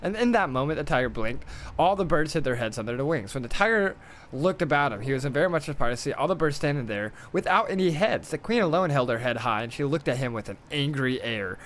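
A man's voice: on the high side, expressive, quick pace, fairly bright tone, a little hiss or hum. A male streamer reading a storybook aloud during a game stream, stumbling over words and adding irreverent asides.

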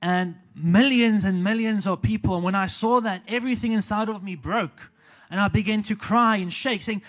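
A young South African evangelist with a fairly high voice preaches in a church. He is animated, paces around the stage as he talks, and punctuates his sentences with hallelujahs and amens. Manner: walks around while preaching. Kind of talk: sermon.

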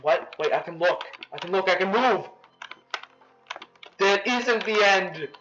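A young man giving excitable, profane let's-play commentary, yelling at the game. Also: high-pitched, a little slow, muffled recording, soft background music. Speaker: gamer.

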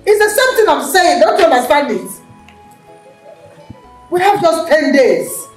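A firm, bossy mother, played by a woman, runs the family's plans in a drama scene. Her voice sits at an ordinary pitch. It sounds echoey and a little distant from the mic. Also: animated, a little mellow, faint music behind, lightly acted. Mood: impatient. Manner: firm, bossy, quick to scold. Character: strong-willed middle-aged mother planning her son's wedding.

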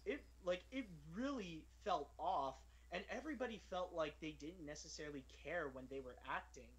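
A man hosting a casual film podcast, speaking with a very lively, sing-song pitch that sits a little high. He rambles with enthusiasm and fills his pauses with plenty of fillers. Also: low-quality recording. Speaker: podcast host.

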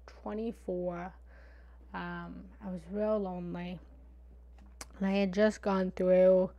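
A woman's voice: on the low side, creaky, warm tone, dull audio. A woman who coaches meditation, telling a personal story in a candid, vulnerable way on a live stream, with frequent fillers and asides of "right?". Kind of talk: live-stream confessional talk.

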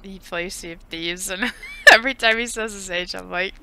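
A young woman co-hosting a gaming podcast in casual chat, animated and chatty, saying "like" often. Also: medium pitch, a little hiss or hum. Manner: animated, heavy use of "like", quick laughs. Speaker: podcast co-host.

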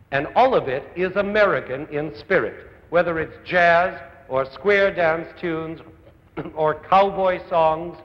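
Man, music lecturer, earnest, rhetorical lists, long hall reverb, muffled vintage sound. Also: sits high. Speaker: conductor and music educator. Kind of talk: televised music lecture to a young audience. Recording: dull old broadcast audio in a large hall.

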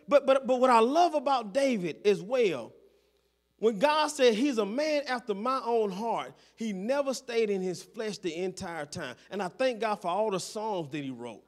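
A man's voice: extremely high pitch, expressive, normal speed. A man preaching a sermon as pastor in a church, constantly checking in with the congregation and repeating his phrases.

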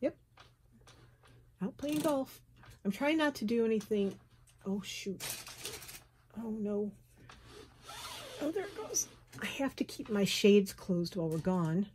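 A middle-aged woman with a slight Southern US lilt, chatting and thinking aloud as she works on a craft journal in her sunroom, with soft laughs. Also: mid-range voice, sing-song, slow, pauses often, a little hiss or hum. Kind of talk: casual craft tutorial chat. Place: home sunroom, indoors.

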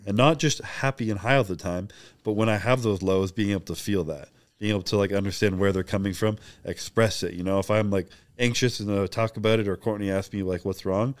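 A young man speaking candidly as a podcast guest, reflective and open, sometimes reenacting conversations in quick bursts. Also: on the low side, steady tone.

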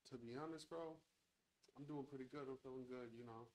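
A man's voice: medium pitch, brisk, darkish tone, slight background noise, rough recording. A man hosting a casual podcast chat from a home studio, talking in a laid-back way with lots of swearing into a handheld mic. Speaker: podcast host.

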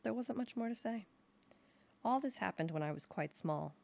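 A young adult woman calmly reading a novel aloud in an even storytelling manner. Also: on the high side, moderate pace, vocal fry. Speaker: reader.

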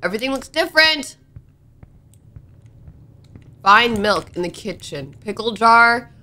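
A young woman narrating a horror game as she plays, excitable and talking to the characters on screen. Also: a little high, unhurried. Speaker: gaming YouTuber. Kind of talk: let's play commentary.

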